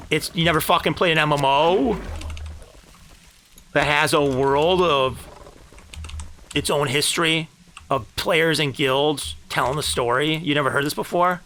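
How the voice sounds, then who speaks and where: A man streaming live, retelling game battles with grand phrasing and heated, profane rants, and saying he is high. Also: sharp tone, a little hiss or hum.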